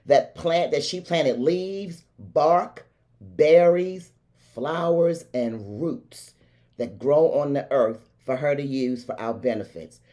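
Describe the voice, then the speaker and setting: A woman's voice: low-pitched, lively intonation, takes it slowly, mellow. A woman from Baltimore with a Baltimore accent, hosting a livestream talk show and hyping up her audience in an effusive way. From Baltimore, USA. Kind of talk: hyped livestream show intro.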